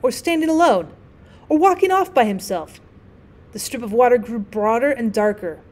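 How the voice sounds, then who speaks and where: Lady teacher reading a classic story out loud, kinda high voice, calm and clear. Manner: clear, measured storytelling with gentle voices for characters. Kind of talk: audiobook narration.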